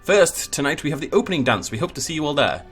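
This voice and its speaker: A man's voice: on the high side, big pitch swings, fairly bright tone. Man doing a pompous dinosaur headmaster. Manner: grand, formal, drawn-out speech.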